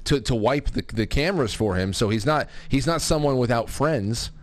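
A man's voice: mid-range voice, lively intonation. A man co-hosting a talk show who asks questions and spins theories, often stammering and restarting. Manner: halting, speculative, stammering. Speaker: co-host. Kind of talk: casual chat.

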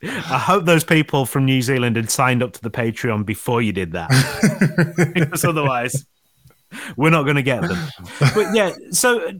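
A man's voice: mid-range voice, big pitch swings, normal speed, a bit bright. A man hosting a podcast, reading sponsor plugs in a rambling, self-mocking way with many fillers. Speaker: podcast host. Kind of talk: casual chat with ad reads.

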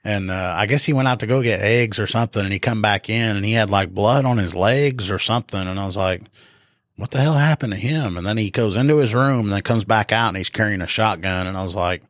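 A man's voice: fairly low pitch, fast talker, few pauses, a bit bright, dry recording, studio quality. A man, co-hosting a podcast, telling rambling stories with frequent chuckles. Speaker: podcast co-host. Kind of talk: casual chat.

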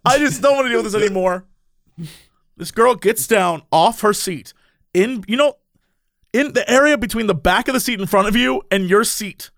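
A man's voice: sits high, moderate pace, no room sound, studio quality. A man chatting casually on a podcast, telling a story with lots of laughs and playing out the other people's lines himself. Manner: animated, laughs often, acts out quoted voices.

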